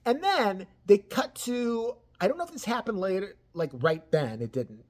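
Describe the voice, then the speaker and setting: A person ranting about celebrity gossip, crude and mocking, swearing constantly and swinging between loud outbursts and low mutters. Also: huge pitch swings, moderate pace. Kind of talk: profane ranting commentary.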